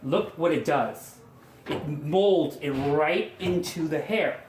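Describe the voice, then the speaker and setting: A man's voice: a little high, slow pace, a little mellow, a little hiss or hum. A man, a hairstylist, talking viewers through a hair styling tutorial step by step in a chatty, coaxing way with self-mocking asides. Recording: echoey room with faint ambience.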